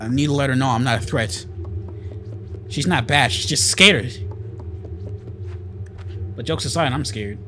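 A man giving loud, excitable let's play commentary, swearing often and making mock-dramatic pleas. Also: mid-range voice, measured pace, pauses often, a little hiss or hum. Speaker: gaming channel host.

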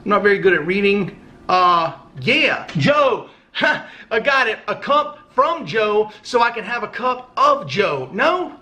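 A man's voice: high-pitched, sing-song, a little slow, bright, forceful tone. A man vlogging as he opens fan mail, chatting casually, cursing and joking and stumbling a little as he reads notes aloud. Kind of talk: casual unboxing chat.

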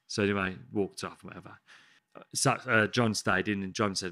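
A chef from England's West Midlands, appearing as a podcast guest in a studio, tells a rambling story full of swearing and restarts. His fairly low, gravelly voice is a bit bright, very fast and fairly even in intonation, recorded with no echo.

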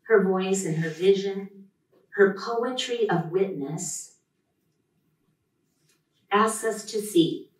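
A woman professor giving an enthusiastic, heartfelt introduction at a live poetry reading. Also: on the low side. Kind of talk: live event introduction speech. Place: lecture room at a reading. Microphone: podium mic. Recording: echoey hall, distant mic.

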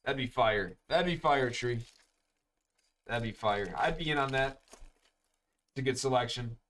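In a fairly bright, medium-pitched voice and a slightly slow pace, a young man hosts a live card break. Casual chat fills the stream as he opens packs and calls out each card.

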